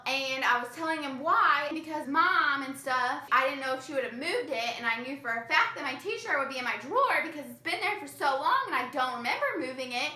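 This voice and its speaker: A young woman vlogger telling a long, rambling story at a rapid clip in a casual storytime monologue. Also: high voice, sharp tone. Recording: echoey room.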